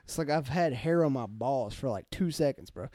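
A man's voice: medium pitch, animated, moderate pace, dark tone, no room sound, clean studio sound. A young man chatting casually, rambling through fillers and casual swearing. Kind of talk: casual chat.

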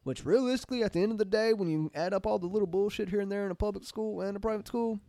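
Animated, profane Southern country man. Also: high-pitched, racing, no echo. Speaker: podcast co-host. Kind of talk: casual chat.

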